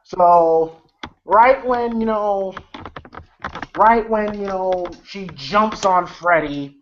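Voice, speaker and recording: This movie reviewer speaks extremely slowly in a high voice, drifting through a casual film recap. Fillers, profanity and chuckles pepper his talk, and the lo-fi recording carries faint noise.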